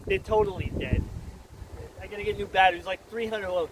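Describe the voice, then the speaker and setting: A man's voice: high-pitched, a little fast. A man from New York hosting a casual vlog, talking in a put-on folksy drawl that wanders, outdoors beside a truck. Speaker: channel host. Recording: outdoor engine and traffic noise.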